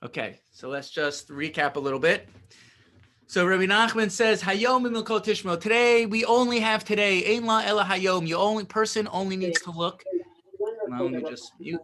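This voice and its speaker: A man's voice: sits high, normal speed, sharp tone. A man teaching a Torah lesson, reading Hebrew phrases and explaining them in casual English, often checking in with "right?".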